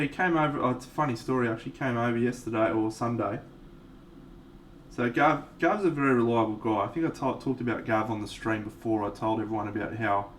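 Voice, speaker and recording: A man, chatting casually and swearing freely as he streams his miniature painting. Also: lowish voice. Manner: laid-back, swears freely, tells an anecdote, laughs often. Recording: distant from the mic with faint background noise.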